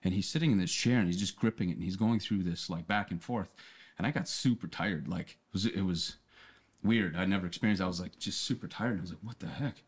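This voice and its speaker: A man's voice: deep voice, fast, husky. A man on a podcast, talking casually and telling an earnest story, often restarting and repeating words. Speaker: podcast guest. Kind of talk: casual conversation.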